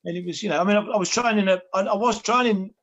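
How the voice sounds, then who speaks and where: Quick, high-voiced man. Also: fairly bright tone, highs cut off. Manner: chatty, rambling with restarts and fillers. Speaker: guest, former footballer. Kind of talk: casual chat.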